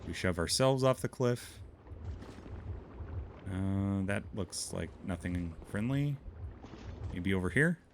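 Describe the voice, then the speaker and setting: A man's voice: deep voice, animated, slow, long pauses, a little hiss or hum. Man with a Minnesotan accent, streamer type; laid-back pace, easy laughs, chats with viewers between plays. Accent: Upper Midwestern (Minnesotan). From Montana, USA. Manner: chatty, answers chat while playing, laughs often. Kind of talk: casual gameplay commentary.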